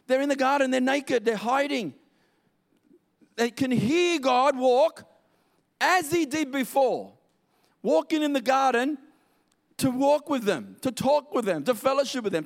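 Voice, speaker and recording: A man preaching a sermon in an emphatic, repetitive way, drawing out key words. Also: very high-pitched.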